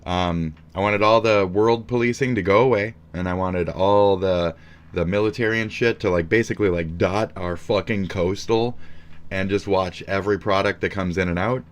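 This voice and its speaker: Streamer, male, very deep voice, rambling profane rant. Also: moderate pace. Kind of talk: ranting live stream commentary.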